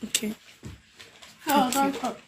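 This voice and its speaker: The voice is high and fairly even in intonation, slow-paced, from a young Nigerian woman with a Nigerian accent who vlogs. In tears, she keeps pleading to the camera for help as music plays in a noisy background.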